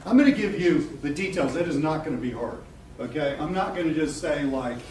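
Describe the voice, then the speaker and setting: A middle-aged man speaks to a live audience at a seminar. His voice sits slightly high, and he is lively, blunt and quick to laugh. The recording is roomy and noisy, with the mic set well away from him. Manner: animated, laughing, blunt, swears casually. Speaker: marketing coach presenting a seminar. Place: event room with a live audience. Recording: echoey room from a distance, noisy.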